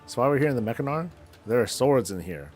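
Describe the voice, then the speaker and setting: A man streaming a game, chatting casually in a loose, slangy, rambling way as he thinks out loud. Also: medium pitch, expressive, fast talker, soft background music. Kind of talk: casual chat while gaming.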